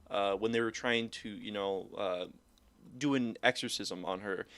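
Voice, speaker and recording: A young man co-hosting a podcast in casual chat, excitable and swearing a lot, acting out movie lines as he retells scenes. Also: medium pitch, dry recording. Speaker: podcast co-host.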